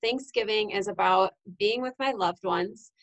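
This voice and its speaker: An earnest woman in her thirties, originally from Iowa, talks through a casual motivational chat. She keeps checking in with a "right?" and fills her pauses with "um". Her voice sits at an ordinary middle pitch. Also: poor audio. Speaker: wellness vlogger.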